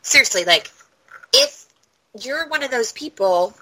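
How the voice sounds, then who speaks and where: A woman's voice: a little high, big pitch swings, a little slow, heavy background noise. A woman co-hosting a podcast in casual chat, rambling along with constant "like" fillers. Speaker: podcast co-host.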